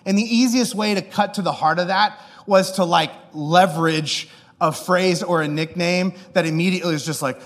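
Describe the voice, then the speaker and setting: A man's voice: high-pitched, normal speed, fairly bright tone, long reverb tail. A man pastor giving a casual, joking sermon, often checking in with the audience. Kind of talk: conversational sermon.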